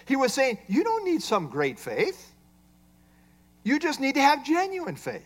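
A male pastor giving a sermon. His voice sits high and moves lively up and down. He explains a Bible passage verse by verse and poses rhetorical questions to his listeners. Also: measured pace. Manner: expository preaching with rhetorical questions.

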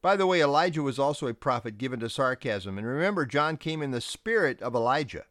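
Male pastor, middle pitch, preaching forcefully with pointed emphasis, dry close recording. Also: expressive, fast, dry recording. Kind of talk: sermon.

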